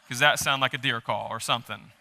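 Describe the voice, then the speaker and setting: Guy pastor preaching to his church, emphatic and jokey, super bright edgy voice. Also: medium pitch, quick pace, vocal fry. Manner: animated, emphatic, joking with the congregation. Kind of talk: live sermon. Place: church sanctuary during a service.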